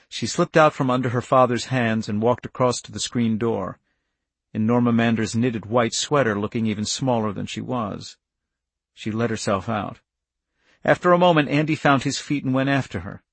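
A man's voice: medium pitch, husky, no echo. Man narrating a tense audiobook.

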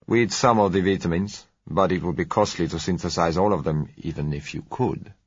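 A man voicing a polite, suave foreign oil dealer who speaks gently and unhurriedly. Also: low-pitched, fairly quick, breathy edge, dry recording, lo-fi sound.

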